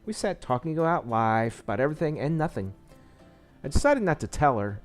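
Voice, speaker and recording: A man's voice: a little high, sing-song, a little fast, faint music behind. A man reading a visual novel aloud, with small slips and asides, saying he is losing his voice. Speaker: game narrator.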